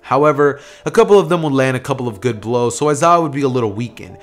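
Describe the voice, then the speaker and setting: A man's voice: medium pitch, expressive, fast talker, soft background music. A man casually narrating a fan-made what-if story, rambling and thinking aloud, correcting himself as he goes. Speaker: YouTube storyteller.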